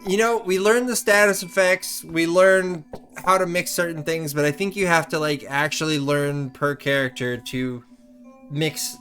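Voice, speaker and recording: A man streaming a horror game, giving casual commentary with excitable outbursts between laid-back remarks. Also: a little high, measured pace, soft background music. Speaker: gaming streamer.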